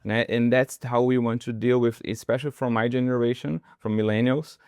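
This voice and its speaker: A man's voice: medium pitch, fairly even intonation, a little fast, darkish tone, clear, resonant tone, no echo, clean studio sound. Brazilian man in his thirties, second-language English, earnest podcast co-host, restarts often. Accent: Brazilian Portuguese. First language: Portuguese. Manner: earnest, searching for words, frequent restarts. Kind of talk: casual conversation.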